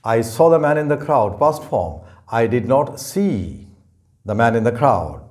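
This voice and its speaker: A man's voice: mid-range voice, animated, measured pace, a little mellow. A man teaching an English grammar lesson, speaking carefully and repeating each example sentence. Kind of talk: slow explanatory lesson.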